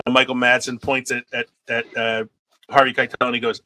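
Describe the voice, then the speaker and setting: A man's voice: mid-range voice, level tone, a little fast, sharp tone, a little hiss or hum, rough recording. A man in casual movie chat as a podcast co-host, laughing often and trailing off into fillers.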